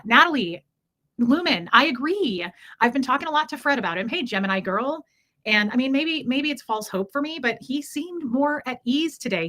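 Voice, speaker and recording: Bright-voiced woman chatting on a livestream. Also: on the high side. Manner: chatty, greets viewers by name, rambling asides. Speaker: livestream host greeting viewers. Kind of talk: casual livestream chat.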